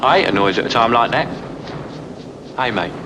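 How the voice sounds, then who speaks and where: A man's voice: mid-range voice, lively intonation, moderate pace, noisy background, close to an everyday voice. An actor playing a cocky young London womanizer with a Cockney accent, chatting breezily to the audience in a 1960s film. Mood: cheeky. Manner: breezy, confiding asides to the audience.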